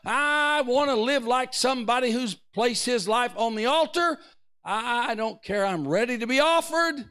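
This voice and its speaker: An older man and pastor preaching a fervent sermon to a live church congregation, swinging between loud shouted bursts and quiet asides. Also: extremely high pitch, moderate pace, clear, resonant tone.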